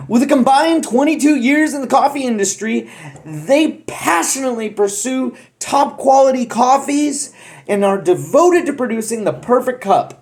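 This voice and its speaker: A coffee review vlogger casually reading a roaster's website aloud, correcting their own wording mid-sentence and tossing in joking asides. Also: medium pitch. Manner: jokey asides while reading.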